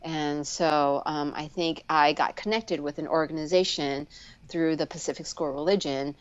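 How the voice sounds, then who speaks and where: A woman with a fairly low-pitched voice tells her own story as an interview guest, candid and animated. She restarts often, and her voice leaps upward whenever she acts out someone else's words. The audio is somewhat dull and muffled, like a video-call line. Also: no echo. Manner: frequent fillers and restarts, slows down on heavy moments. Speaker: guest, speech pathologist.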